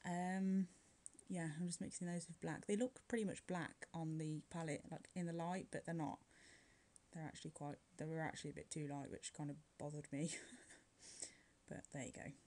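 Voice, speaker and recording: A woman's voice: sits low, steady tone, moderate pace, dark tone. A woman chatting casually through a nail art voice-over, rambling with frequent light laughs and filler words. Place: at home, curling her hair while recording.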